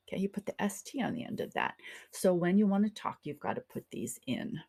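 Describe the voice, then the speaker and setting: A woman's voice: medium pitch, animated, quick pace, creaky, dry recording, clean studio sound. A woman teaching a German grammar lesson over slides, chatty and encouraging, checking in often with her students. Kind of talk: classroom lecture over slides.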